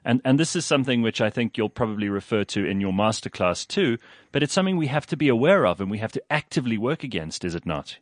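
A man interviewing a guest, measured and thoughtful, often repeating words as he starts a point. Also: medium pitch, sing-song, no room sound, clean studio sound. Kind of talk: interview questions.

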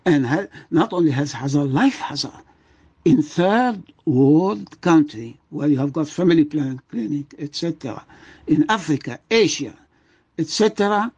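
An older man, a guest doctor, speaks in a fairly high, creaky, husky voice during an impassioned radio interview. He talks with emotion and emphasis, often repeating his words, and the audio's highs are cut off.

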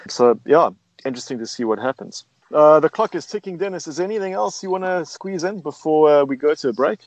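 A man's voice: fairly high pitch, animated, brisk, no echo, poor audio. Man hosting a motoring chat, easygoing and jokey, dry close sound. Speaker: show host. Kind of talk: casual radio chat.

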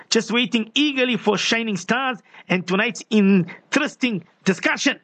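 A man hosting a call-in radio show, slowly repeating a phone number and greeting listeners by name. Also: very high voice, sharp tone, dry recording. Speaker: radio host. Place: radio studio.

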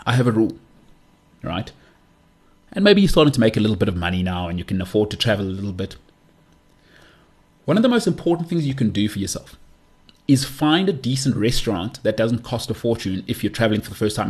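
A man's voice: mid-range voice, breathy edge. A man from South Africa hosting his own podcast, ranting with strong, emphatic opinions and repeating his punchlines. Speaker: podcast host. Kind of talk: solo podcast rant.

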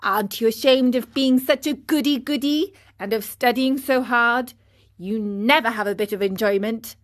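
A woman's voice: on the high side, normal speed, close to an everyday voice. A woman doing rowdy jeering schoolboys. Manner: jeering, boastful. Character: gang of rowdy teasing schoolboys. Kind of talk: storybook reading.

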